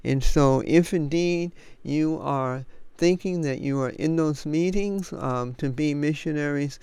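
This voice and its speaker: A man giving an earnest, emphatic recorded devotional sermon, pausing often with ums. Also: fairly high pitch, a little mellow, clean tone, no echo. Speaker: Christian teacher.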